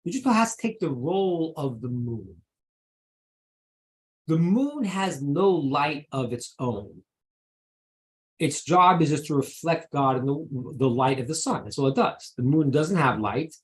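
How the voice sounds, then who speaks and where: Animated rabbi teaching over video call. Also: male voice, on the high side, unhurried. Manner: animated, repeats words, lively emphasis.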